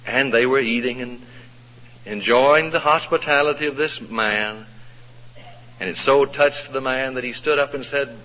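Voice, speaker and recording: A male preacher telling a Bible story in a sermon, folksy and expressive, asking the congregation questions. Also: medium pitch, a little slow. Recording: echoey hall, dull lo-fi sound.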